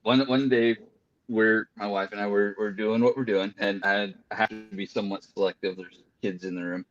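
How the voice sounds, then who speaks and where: A man guesting on a casual podcast shares candid personal stories with animated delivery. His voice sits fairly low. The recording sounds dull and lo-fi, with the highs muffled. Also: normal speed, soft background music. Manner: animated, confessional storytelling. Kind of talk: casual chat.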